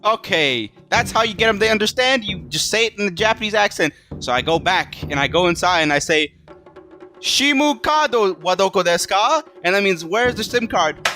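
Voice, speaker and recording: A man, a vlogger, telling a casual story to the camera in an animated, profane, self-mocking way. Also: high voice, fast talker, soft background music.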